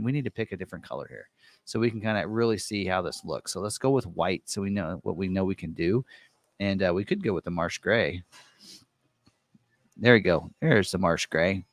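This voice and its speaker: A man's voice: lowish voice, fairly bright tone, no room sound, studio quality. A man casually walking through vehicle options on a screen, talking loosely with many fillers and self-corrections. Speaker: truck ordering guide presenter. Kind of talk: casual walkthrough of an online configurator.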